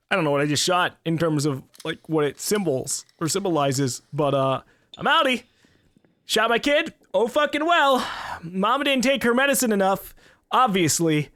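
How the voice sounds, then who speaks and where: A gaming YouTuber playing through a horror game, thinking aloud, swearing and yelling at the screen. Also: male voice, high-pitched, no echo. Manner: excitable, swears, shouts at the game. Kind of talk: horror game let's play commentary. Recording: game music behind the voice.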